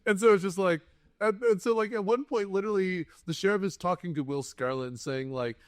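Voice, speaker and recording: A man co-hosting a movie podcast, recapping scenes in a rambling, joking, animated way. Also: sits high, a little fast, no room sound. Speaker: podcast co-host. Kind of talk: casual movie-review chat.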